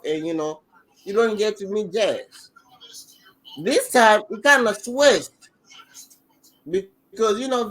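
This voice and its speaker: A man co-hosting a podcast, telling the story in an excitable, slangy way, full of restarts. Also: high-pitched, poor audio. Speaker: podcast co-host. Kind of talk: casual chat recapping a battle rap event.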